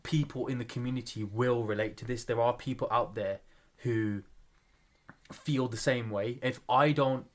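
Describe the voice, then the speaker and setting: A young man chatting casually as a podcast co-host, self-mocking and quick to laugh. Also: medium pitch, fairly even intonation.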